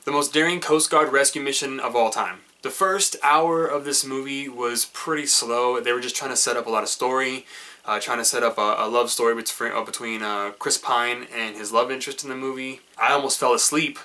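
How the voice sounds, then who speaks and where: A man's voice: mid-range voice, steady tone, a little fast, pushed and bright. A man giving a casual, chatty movie review, rambling with fillers.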